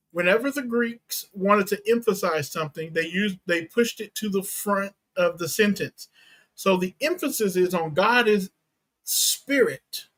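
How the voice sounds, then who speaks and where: A pastor giving a teaching sermon, reading and explaining Bible verses in a deliberate way and unpacking Greek words. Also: male voice, high voice, pushed and bright, low-quality recording. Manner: slow, deliberate Bible exposition with Greek terms.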